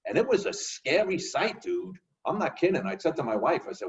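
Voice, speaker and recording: A man telling lively stories in a casual conversation. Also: on the high side, a little fast, far from the mic, muffled recording. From New York. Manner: animated, acts out voices in his stories. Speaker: guest.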